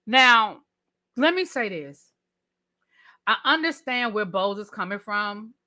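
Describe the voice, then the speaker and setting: Speaking slowly and expressively, this woman has a mid-range voice with a sharp tone. On her live review stream she chats emphatically with viewers, dropping Southern-flavored slang such as "honey," "ain't" and "child."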